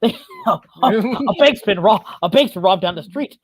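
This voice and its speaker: A man's voice: sits high, expressive, normal speed, breathy edge, no room sound. A man putting on a campy old-school male caped crusader voice, tripping over gee-whiz exclamations. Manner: stumbling, giggly, over-the-top exclamations.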